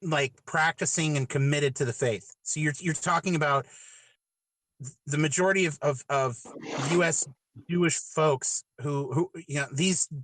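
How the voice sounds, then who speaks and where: A man with a fairly high, bright, tense voice who stumbles through his questions, repeating words and hedging. The sound is dry and close, with no room echo. He speaks as a casual podcast host. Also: normal speed. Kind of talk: casual chat, asking questions.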